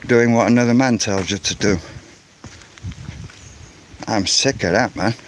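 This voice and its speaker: Man, ranting vlog, slow deliberate delivery, angry and insistent, faint background noise. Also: lowish voice. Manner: angry, insistent, repeats words while ranting. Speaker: vlogger.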